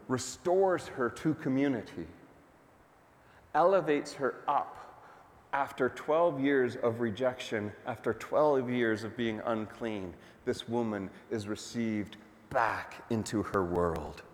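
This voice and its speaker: A man's voice: medium pitch, long reverb tail. A man preaching a sermon as pastor, telling the story in a conversational way and putting questions to the congregation.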